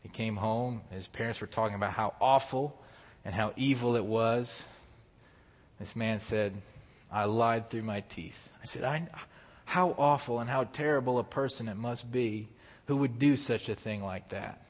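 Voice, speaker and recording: A man's voice: medium pitch, measured pace. A man preaching a sermon, telling a story and acting out the voices of the people in it. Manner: animated storyteller who acts out quoted voices. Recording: dull sound with long hall reverb.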